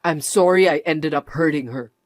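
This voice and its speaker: A man's voice: on the high side, normal speed, no echo, natural voice. An actor playing a mocking, controlling young husband who laughs often as he sneers. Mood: scolding. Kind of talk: narrated drama acting.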